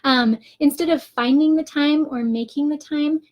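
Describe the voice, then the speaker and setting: A woman's voice: high-pitched, moderate pace, dull audio. A woman coaching viewers in a chatty, upbeat live video, with frequent ums and small laughs. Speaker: faith-based business coach.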